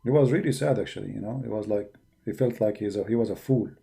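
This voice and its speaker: Gravelly Arab-accented man debating. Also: fairly low pitch, fast talker. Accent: Arabic. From Arab world. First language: Arabic. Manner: forceful, argumentative, with non-native grammar. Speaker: religious debater. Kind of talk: preaching monologue.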